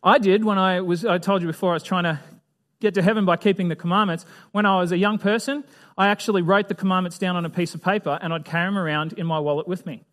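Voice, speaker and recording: A man's voice: sits high, fairly even intonation, fast, fairly bright tone. A man teaching a Bible lesson in a chatty way, asking his listeners questions and acting out little scenes. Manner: chatty, asks the audience questions, acts out voices. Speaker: preacher.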